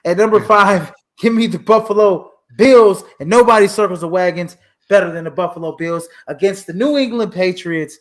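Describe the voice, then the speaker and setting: A man co-hosting a casual sports podcast, speaking in a noticeably high voice. He is animated and blunt, throwing in mild curses and laughing at his own slip-ups. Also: moderate pace. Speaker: co-host giving fantasy football rankings.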